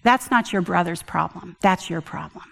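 An older woman voicing her stern, cold father, flat and blaming toward his teenage daughter. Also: lowish voice, normal speed, gravelly, big-room sound, voice pushed down.

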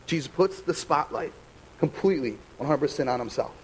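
A young adult American man, a pastor giving a conversational, animated sermon full of rhetorical questions. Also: on the high side, fairly quick, slight background noise, rough recording. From United States.

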